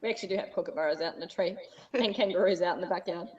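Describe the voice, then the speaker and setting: A woman's voice: fairly low pitch, rapid-fire, darkish tone, highs cut off. A woman with an Australian accent, a guest author reading her own fiction and chatting, laughing often and self-deprecating. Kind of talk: reading own fiction aloud, then casual chat.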